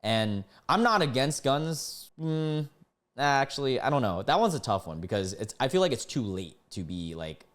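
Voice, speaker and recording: A man doing casual reaction commentary on online posts, full of slang like "dude" and "bro", with sudden high, loud outbursts. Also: very animated, moderate pace.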